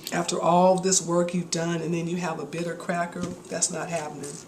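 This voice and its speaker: A woman's voice: lowish voice, little pitch movement, a little fast, a little mellow, a little hiss or hum. A woman hosting a casual home cooking video, chatty and enthusiastic as she demonstrates a recipe in her kitchen. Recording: echoey kitchen with dish clatter.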